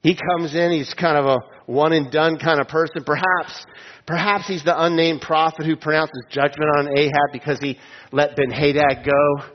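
A man's voice: a little high, fairly even intonation, normal speed. Middle-aged guy preaching, storytelling, big echo, kinda muffled. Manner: storytelling, asks listeners direct questions, chuckles at own jokes. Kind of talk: sermon. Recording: dull sound with long hall reverb.

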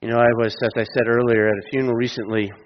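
A man preaching a sermon in an auditorium, telling a story with humorous asides and slowing down for emphasis. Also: mid-range voice, flat delivery. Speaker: pastor. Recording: dull lo-fi sound with long hall reverb.

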